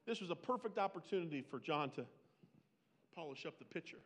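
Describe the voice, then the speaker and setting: A man preaching a sermon, swinging between loud, pleading bursts and hushed, slow lines. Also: on the high side, lively intonation, in a large hall. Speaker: pastor.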